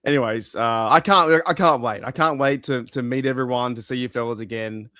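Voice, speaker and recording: A man's voice: medium pitch, a little fast, no echo, studio quality. Australian man swapping stories. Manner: swearing, anecdotal, lively storytelling. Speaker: podcast guest. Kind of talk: casual chat.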